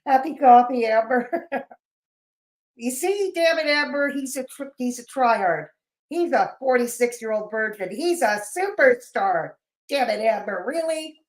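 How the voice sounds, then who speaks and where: Female stream host, slightly high, sarcastic and mocking, voice a little off. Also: lively intonation, a little slow. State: voice feels off, sleepy. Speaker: livestream host. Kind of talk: casual livestream commentary.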